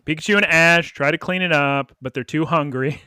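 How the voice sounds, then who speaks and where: A man co-hosting a casual podcast, animatedly retelling a cartoon episode with quick quoted voices and laughs. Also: fairly high pitch, pushed and bright, smooth, dry recording, clean studio sound. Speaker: podcast co-host.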